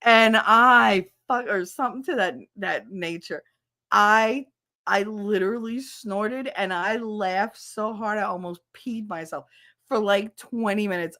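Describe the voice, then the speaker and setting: A woman with a lowish voice chats loosely with her live-stream viewers, blunt and crude and quick to laugh. Her voice sits close and dry on the mic, with no room around it. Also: a bit bright, dry recording. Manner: candid, crude and giggly, chatting to viewers. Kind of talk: casual live-stream chat.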